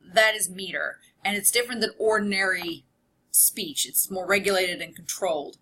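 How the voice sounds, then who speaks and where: Bright-voiced woman giving a lecture. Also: medium pitch, normal speed, breathy edge. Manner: conversational, explains with examples and asides. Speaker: college English instructor. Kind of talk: recorded online lecture. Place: recorded lecture video.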